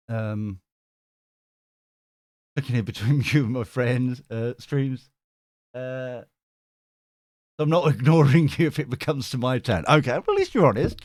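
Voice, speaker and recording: A man's voice: mid-range voice, darkish tone, no room sound, clean studio sound. A man hosting a live tarot stream, chatting casually, laughing often and swearing now and then as he reads out chat. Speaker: tarot reader and stream host.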